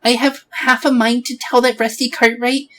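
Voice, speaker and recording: A fussy old woman neighbor, put on by a man reading a game aloud, speaks in a raised, soft voice. She gossips on and on in a sympathetic tone. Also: very high voice, flat delivery, moderate pace, pitched above the performer's own voice, poor audio. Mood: gossipy.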